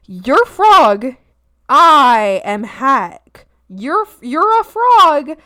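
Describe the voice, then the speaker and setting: Woman art streamer: high, lively voice, goofy banter with chat. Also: slow pace. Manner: playful and silly, with squeals and giggles. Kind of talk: casual chat with stream viewers.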